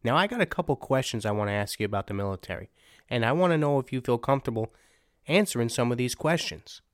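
A man's voice: mid-range voice, lively intonation, fast talker, no echo, clean studio sound. A man hosting a podcast, chatting casually with a guest in a playful, mock-stern way. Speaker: podcast host.

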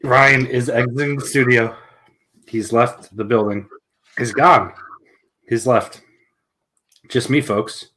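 A man's voice: mid-range voice, fairly even intonation, slow pace, pauses often, pushed and bright. A man co-hosting a casual podcast chat, jokey and giggly, cracking stupid jokes. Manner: jokey, giggly, self-deprecating. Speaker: podcast co-host.

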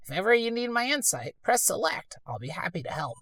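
Woman doing a snooty raspy talking hat, bossy and prim, voice swooping all over. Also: mid-range voice, very animated, a little fast, fairly bright tone, no room sound, studio quality, voice pushed up. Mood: lecturing. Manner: prim, lecturing, old-fashioned phrasing. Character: haughty male talking hat, fussy and condescending. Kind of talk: let's-play voice acting.

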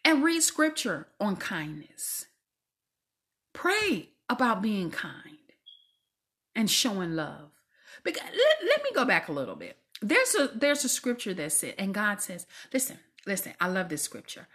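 A woman hosting a faith-based podcast, speaking in a preachy, exhorting way and often dropping into soft whispers. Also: mid-range voice, wildly swooping pitch, measured pace, breathy edge. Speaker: podcast host.

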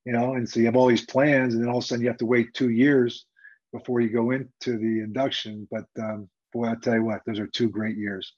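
A man who is a former football coach and TV analyst, telling a story in an animated, conversational interview with frequent fillers. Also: mid-range voice, fairly quick. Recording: dull lo-fi sound.

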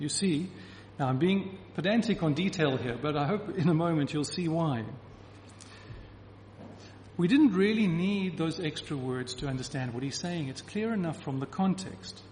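A man's voice: a little high, a little mellow, a little hiss or hum. A man preaching a sermon to a congregation, emphatic and repeating key phrases to drive his point home. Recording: reverberant hall with faint ambience.

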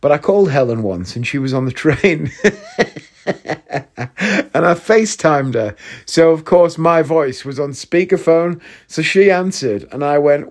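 A man's voice: fairly high pitch, moderate pace, a little mellow. A young man hosting a podcast, telling rambling comic stories and swearing freely. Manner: chatty, swears freely, jumps between anecdotes. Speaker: podcast host. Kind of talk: casual comedic monologue.

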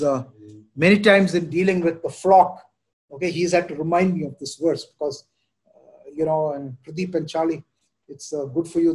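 A man leads an informal Bible teaching session, his voice sitting somewhat higher than most men's. He talks in an easygoing, candid way, often tagging his points with "right?" and "you know". He comes across as a pastor reflecting openly with his group. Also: a little mellow, poor audio. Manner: conversational, frequent "you know" and "right?" tag questions.

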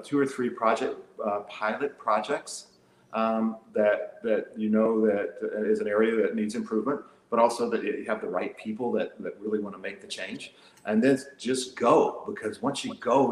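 Low-voiced man in an echoey room. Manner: earnest, repeats words, trails off. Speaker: co-host and business consultant. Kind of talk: casual conversational talk.

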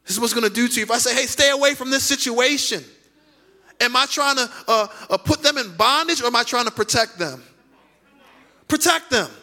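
A man's voice: extremely high pitch, expressive, fairly quick, sharp tone. A male pastor preaching a sermon emphatically, repeating key lines and acting out quoted voices.

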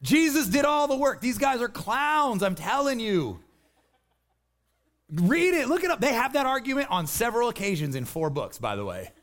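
A man's voice: very high-pitched, big pitch swings, normal speed, fairly bright tone. A man preaching a sermon, telling the story with energy and acting out the voices he quotes. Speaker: pastor.

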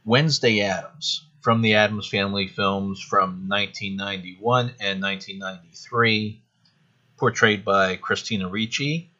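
A man's voice: lowish voice, steady tone, moderate pace, sharp tone, dull audio. A man hosting a casual solo podcast, chatty and rambling with a self-deprecating touch. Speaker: podcast host.

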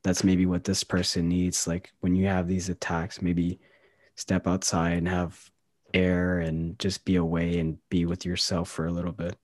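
A man's voice: low-pitched, completely flat delivery, normal speed, a little mellow, no room sound, clean studio sound. A man co-hosting a podcast, talking earnestly and reflectively in casual chat with many fillers. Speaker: podcast co-host.

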